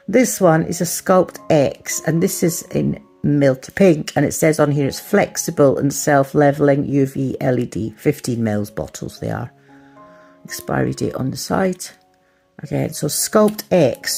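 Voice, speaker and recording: A woman's voice: low voice, unhurried, gravelly, mellow, slightly rough, soft background music. A middle-aged woman chatting through a casual nail product review, rambling and self-deprecating. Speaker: nail art vlogger.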